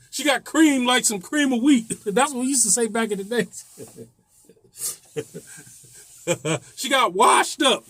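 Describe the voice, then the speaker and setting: A man's voice: very high-pitched, unhurried, long pauses, no room sound. A man, a landlord, telling a rambling, profane story about a tenant in a casual vlog, laughing often.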